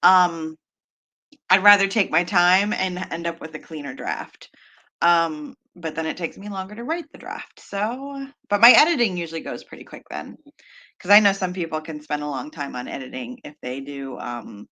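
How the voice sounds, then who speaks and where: A bright, clear-toned woman with a Pennsylvania accent chats casually to her livestream viewers. She talks in an easy, rambling way, full of ums and quick laughs. Her pitch sits a little low for a woman. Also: expressive. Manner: chatty, laughs often, many fillers. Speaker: livestream host. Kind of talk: casual chat during a writing livestream.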